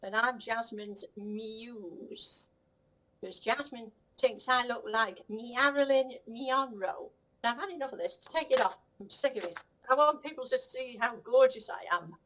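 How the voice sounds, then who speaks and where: A woman's voice: on the high side, a little slow, a bit bright, low-quality recording. A woman voicing a vain, cheeky female cat who rambles rudely and admires herself. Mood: cocky rambling. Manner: rambling, rude, self-admiring, giggly. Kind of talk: comic puppet-style monologue.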